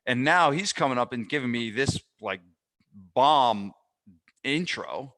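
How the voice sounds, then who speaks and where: A man hosting a podcast, telling stories in a casual, animated way, often restarting his sentences. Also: medium pitch, measured pace. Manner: animated storytelling with frequent restarts. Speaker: podcast host and fitness business mentor.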